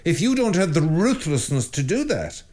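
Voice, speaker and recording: A middle-aged priest hosting his own show gives an informal spiritual talk, animated and joking, with frequent restarts and stammers. His voice is on the high side, at normal speed.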